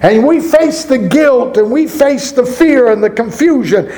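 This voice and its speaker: A man's voice: extremely high pitch, animated, unhurried, mellow, poor audio. A man pastor preaching a sermon, reading scripture aloud and asking the congregation rhetorical questions.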